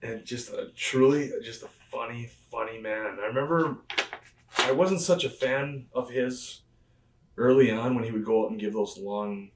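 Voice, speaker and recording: A man's voice: medium pitch, moderate pace, slight background noise. A man, a former pro wrestler as an interview guest, telling rambling backstage anecdotes with lots of fillers and the odd chuckle. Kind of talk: casual storytelling interview. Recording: roomy and distant from the mic.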